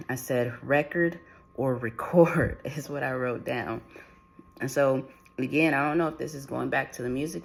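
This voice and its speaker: A man's voice: mid-range voice, vocal fry. A man giving a channeled spiritual reading to his viewers, talking in a loose, rambling way that keeps restarting and repeating itself. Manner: rambling, repetitive, full of restarts and fillers. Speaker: spiritual reader.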